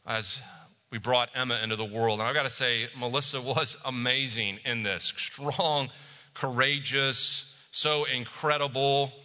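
A male pastor delivers a sermon with a bright, forceful tone and a fairly high voice. He tells stories with animation and sinks to a quiet hush for the reflective parts. His voice rings with the long reverb of a big hall. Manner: animated storyteller, drops to a hush for reflective moments.

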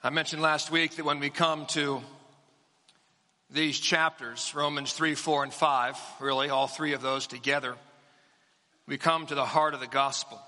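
A pastor in his forties delivering a sermon in measured, emphatic phrases, with repetition for weight. He speaks from a church sanctuary. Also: a little high, flat delivery, sharp tone, in a large hall.

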